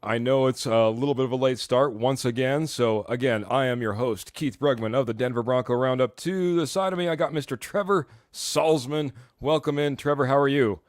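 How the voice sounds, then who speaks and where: A man's voice: mid-range voice, moderate pace, hardly any pauses, no echo, studio quality. A man hosting a casual live sports fan show, upbeat and chatty, reading out viewer comments and laughing often. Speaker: host.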